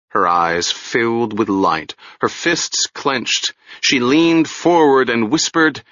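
A man narrating a story as an audiobook reader, in a slow, expressive storytelling style. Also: mid-range voice, no room sound, highs cut off.

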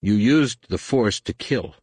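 A man's voice: on the low side, lively intonation, slow pace, a little mellow, husky, no room sound, exaggerated voice. A man voicing a wounded, furious young woman pilot in an audiobook, speaking bitter and defiant.

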